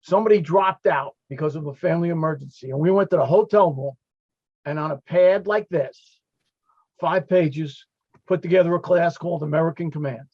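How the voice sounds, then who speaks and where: Man, fire captain, heartfelt storytelling, higher voice, lo-fi call sound. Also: fairly quick, no room sound. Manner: storytelling, heartfelt, quoting friends. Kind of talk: emotional tribute in a video call panel. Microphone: video call.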